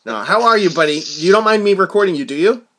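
A man's voice: high voice, lively intonation, fast talker, a bit bright, a little hiss or hum. A middle-aged man hosting his own podcast, telling a rambling story full of restarts and acted-out quotes. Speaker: podcast host. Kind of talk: casual podcast monologue and phone chat.

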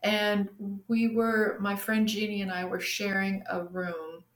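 Middle-aged woman, guest storyteller, animated delivery, echoey room, mid-pitched voice. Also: measured pace. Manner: animated, acts out quoted voices. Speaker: guest sharing her story. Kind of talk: casual personal storytelling. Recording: roomy echo.

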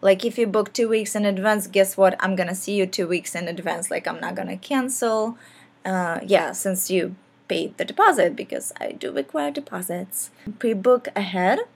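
A woman's voice: medium pitch, normal speed, vocal fry, slightly rough. A woman vlogger talking casually to her viewers, rambling and full of fillers. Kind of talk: casual talk to camera.

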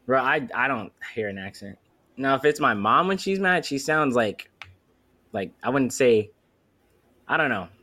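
A man with a New York accent talks animatedly on a casual podcast, swearing freely as he tells stories. His voice is mid-pitched and recorded dry and close, with no room sound. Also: a little slow, pauses often, dry recording. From Queens, New York. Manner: animated, swearing, lively storytelling. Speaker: podcast co-host. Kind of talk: casual chat.

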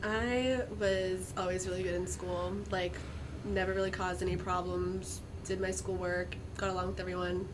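A woman's voice: fairly low pitch, little pitch movement, moderate pace, background noise. A young woman chatting casually and upbeat about her school years. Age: young adult. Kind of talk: casual chat.

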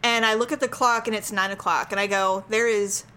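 A woman's voice: mid-range voice, brisk, smooth. A woman telling a funny story in casual chat, acting out what people said and laughing often. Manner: animated storyteller, acts out quotes, laughs often.

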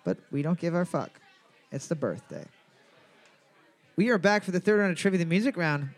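A man's voice: on the high side, sing-song, brisk, a faint crowd. A man hosting a bar trivia night, joking and swearing with his co-host as he reads answers and scores. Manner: crude, joking, profane.

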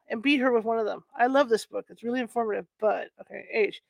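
A woman's voice: mid-range voice, fairly quick, creaky, few pauses, no echo. Dry-voiced woman reading a history book aloud. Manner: stumbles and corrects herself with chatty asides. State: bothered by allergies. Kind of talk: casual read-aloud of a nonfiction book.

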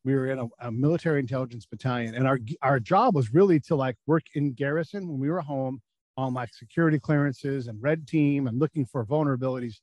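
A middle-aged former military intelligence officer, a guest in a casual interview, tells war stories candidly, swearing freely and acting out the people he quotes in voices. He's a fast talker with a mid-range, darkish voice. The recording is rough, with no echo.

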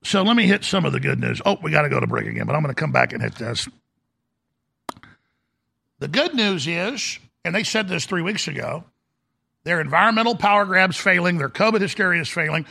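A man's voice: a little high, animated, brisk, vocal fry, sharp tone, breathy edge. A man hosting a talk show, delivering a sarcastic, combative rant. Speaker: talk radio host. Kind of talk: ranting talk show monologue.

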